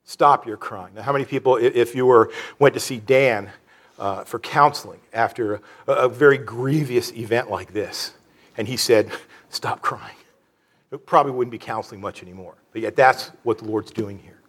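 A man preaching a sermon in an earnest, halting way, with many restarts and fillers. He drops low and soft on sorrowful phrases. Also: breathy edge. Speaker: pastor.

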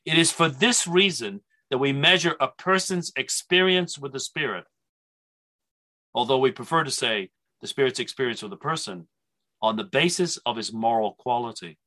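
Bright-voiced man teaching a Bible seminar. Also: mid-range voice, lively intonation, normal speed. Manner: conversational, with frequent restarts and asides.

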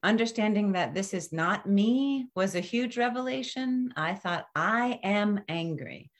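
A woman in her fifties hosting a casual podcast conversation, reflective and animated, often trailing off and restarting. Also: mid-range voice, measured pace.

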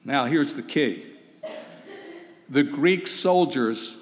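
A man preaching with urgent emphasis, throwing rhetorical questions at the congregation. His voice sits a little high for a man and rings out with a long hall reverb. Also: expressive, a little slow, slight background noise. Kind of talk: sermon.

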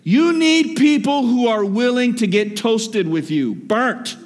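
A man preaching a sermon to his church, swinging between rising exhortation and hushed, low asides. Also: expressive, slow pace, few pauses. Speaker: pastor. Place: church hall. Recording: long hall reverb.

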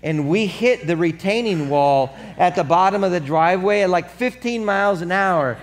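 A man preaching a sermon as pastor, telling a story with lively acted-out voices, then turning quiet and earnest. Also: high-pitched, normal speed. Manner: animated storytelling, acts out voices; drops to soft earnest tone for the appeal.

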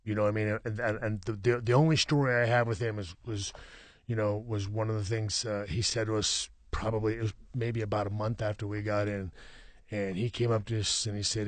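A man's voice: lowish voice, level tone, brisk, no echo. A middle-aged man, a professional wrestler, talking as a guest in a casual interview, rambling with many restarts and repeated "you know what I mean".

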